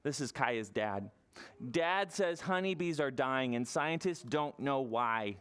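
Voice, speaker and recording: A children's librarian reading a picture book aloud at preschool story time, expressive and asking the children questions. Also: mid-range voice, slow, clear, resonant tone.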